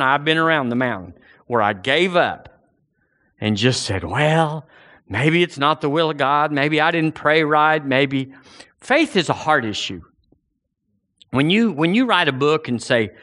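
A man's voice: medium pitch, a bit bright. A man preaching a sermon with passion, rising into fervent outbursts.

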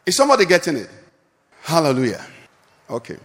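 A man's voice: a little high, wildly swooping pitch, a little fast, fairly bright tone, big-room sound. A male pastor preaching a sermon and calling out questions for the congregation to answer. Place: church hall.

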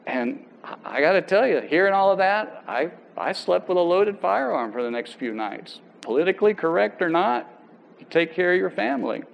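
During a sermon, a male pastor tells a personal story conversationally, restarting haltingly and putting on voices for the people he quotes. His voice is high-pitched and gravelly with big pitch swings, and the recording has the highs cut off.

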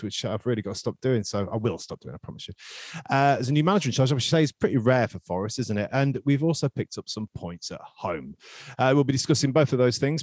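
Bloke hosting a footy pod, rattles along quick, jokey, dry sound. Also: male voice, lowish voice, darkish tone, no echo. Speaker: podcast host. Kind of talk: casual podcast chat.

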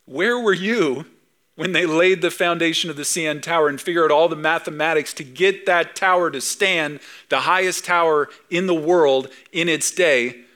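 A middle-aged male pastor preaching with a bright, forceful voice that sits a little high for a man. He talks conversationally, leaning on rhetorical questions. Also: fairly even intonation, normal speed, hardly any pauses. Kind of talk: sermon.

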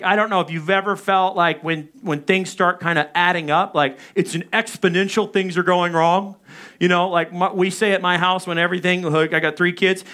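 A man in his thirties preaching a sermon, telling a personal story with animated delivery and acting out his own panicked calls. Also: high-pitched. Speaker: pastor.

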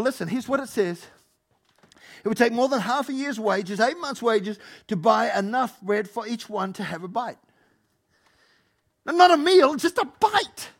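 A man preaching a sermon as pastor, animated, acting out Bible figures and joking with the congregation. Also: very high voice, measured pace, pauses often. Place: church hall.

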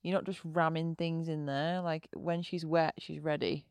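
A woman guest on a podcast, chatting candidly and giggling, with lots of drawn-out filler words. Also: low voice, little pitch movement, darkish tone, smooth, no echo. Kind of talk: casual chat.

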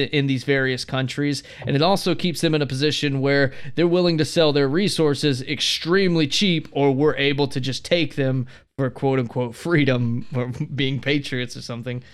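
A man co-hosting a casual podcast discussion, reading from prepared notes in a relaxed way. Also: medium pitch, smooth. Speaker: podcast co-host.

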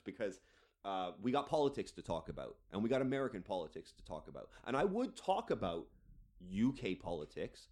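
A man's voice: fairly low pitch, a little mellow. A man hosting a podcast, ranting bluntly and swearing freely. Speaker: podcast host. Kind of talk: solo podcast rant.

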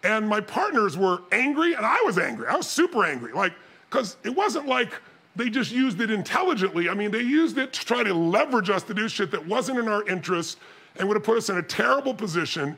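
A man giving a motivational seminar talk, telling stories with animated energy and bursts of shouting. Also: high voice, a little fast, husky. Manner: animated storytelling, shouting and mimicking others. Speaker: motivational speaker.

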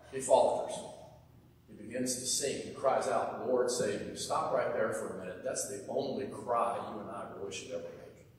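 A man preaching a sermon in an earnest, conversational way, often sinking to a soft hush at the ends of phrases. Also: on the high side, slight background noise. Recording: echoey hall, mic from far off.

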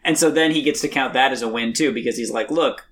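Mid-pitched man, casual podcast co-host, mocking tone, puts on sarcastic quote voices. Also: fast talker, a bit bright. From Iowa. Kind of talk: casual political chat.

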